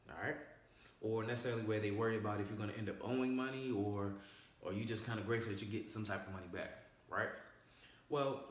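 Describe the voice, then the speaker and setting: A man presenting a casual money-saving explainer, stressing each point and checking in with "all right?" and "okay?". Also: mid-range voice. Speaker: personal finance presenter. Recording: very echoey room.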